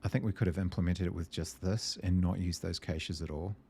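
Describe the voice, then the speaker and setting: A man hosting a gameplay video, thinking aloud and muttering to himself as he works through a puzzle game, hesitant and easily excited. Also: deep voice, brisk, a little hiss or hum.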